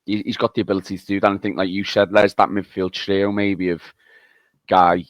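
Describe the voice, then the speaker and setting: A man on a football podcast panel, talking in a measured way and thinking aloud. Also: deep voice, level tone, no room sound. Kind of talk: casual football chat.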